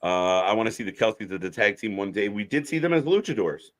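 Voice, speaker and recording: A man's voice: fairly low pitch, animated, quick pace. A man co-hosting a live wrestling stream in a laid-back, casual way, reading out chat comments and laughing often.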